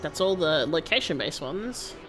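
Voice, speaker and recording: A woman's voice: sits low, big pitch swings, moderate pace, music in the background. A woman streaming a game, chatting casually in a rambling way with the odd swear word.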